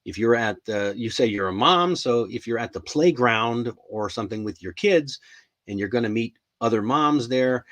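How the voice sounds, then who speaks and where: A middle-aged man teaching English hosts a casual live lesson in an ordinary mid-pitched voice. He rambles loosely, full of ums, repeated words and restarts, while sounding expressive and fairly bright at a moderate pace.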